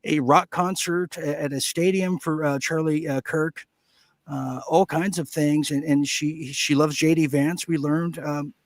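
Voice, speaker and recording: A man hosting a podcast in casual chat, talking haltingly with many filler sounds. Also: fairly high pitch, steady tone, no room sound. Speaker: podcast host.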